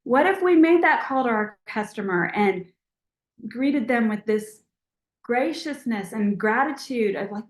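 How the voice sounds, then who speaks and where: A woman leads a team call with a chatty, encouraging, motivational manner. Her voice sits fairly high and carries a roomy echo. She speaks over a video call mic. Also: a little slow. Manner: chatty, encouraging, animated with acted-out quotes. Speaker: team leader hosting a call.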